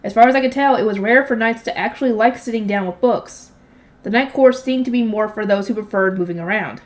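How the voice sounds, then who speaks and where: A woman's voice: mid-range voice, a little mellow. A young woman reading a light novel aloud, lightly voicing the characters and breaking off for offhand slangy asides. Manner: reads character voices lightly, drops into offhand slangy commentary.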